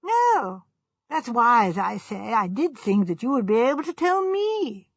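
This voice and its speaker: A naive young actress with a high, plaintive voice, as a woman reads her. She sounds wistful and puzzled in turn. The dry, breathy recording is a little dull. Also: sing-song, moderate pace, no echo, exaggerated voice.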